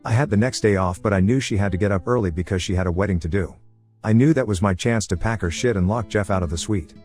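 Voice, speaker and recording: A man reading an online story aloud in a casual first-person way, over soft guitar music. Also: lowish voice. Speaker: story narrator. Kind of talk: reading a reddit post aloud.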